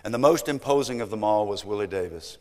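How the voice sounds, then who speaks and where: A man in his seventies with a Southern US accent, telling an emphatic motivational story that swings from loud to hushed. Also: on the low side, fast. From American South. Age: 70s. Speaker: speaker. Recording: long hall reverb.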